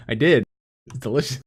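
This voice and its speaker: A man from Florida co-hosting a gaming podcast, telling stories in an animated way with frequent laughter. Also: medium pitch, breathy edge. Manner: animated storyteller, laughs often. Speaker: podcast co-host. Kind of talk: casual chat.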